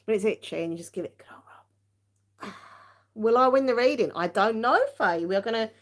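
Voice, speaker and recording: Speaking fairly quickly in a slightly high voice, a tarot livestream host chats casually with her audience. She's talkative and giggly, pokes fun at herself, and sounds somewhat tired.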